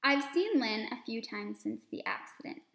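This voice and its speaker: A woman reading a children's story aloud expressively, pausing to explain words and lessons to young listeners. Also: a little high, big pitch swings, fairly bright tone, roomy sound.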